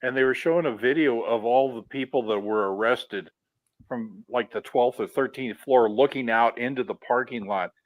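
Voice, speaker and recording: A man's voice: mid-range voice, normal speed, poor audio. A man co-hosting a casual livestream, chatting and telling stories. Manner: storytelling, chatty. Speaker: livestream co-host.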